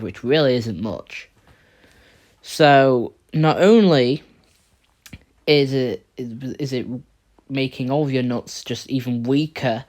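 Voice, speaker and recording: A man talks through a card game tier list in a loose, unscripted way, with a voice of ordinary middle pitch. He is blunt in his verdicts and keeps stumbling and restarting mid-sentence. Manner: rambling, blunt, stumbles over words. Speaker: card game video creator. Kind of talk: casual tier list commentary.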